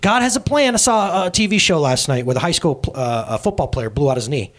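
A man in his thirties preaching a sermon as pastor, telling a story in a casual, animated way. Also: on the high side, a little fast.

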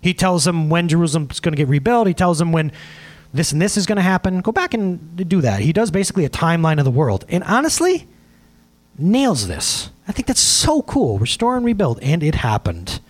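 A man preaching a sermon to his congregation, emphatic and animated, asking for slides as he goes. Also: a little high, fairly quick. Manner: asks for slides during the talk. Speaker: pastor.

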